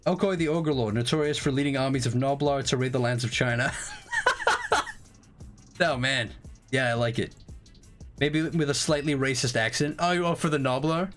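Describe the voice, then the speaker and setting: A young man hosting a live game stream, chatting casually, excitable and swearing freely with rambling restarts. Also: medium pitch, brisk, faint music behind.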